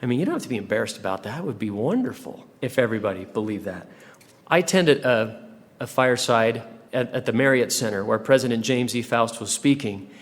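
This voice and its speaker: Guy giving a funny church talk to teens, lots of "right?" and jokes, mid-pitched voice, big echoey hall. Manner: joking asides, rhetorical questions, dramatic pauses. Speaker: church speaker. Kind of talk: humorous devotional talk to youth. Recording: live talk in a large hall with long reverb.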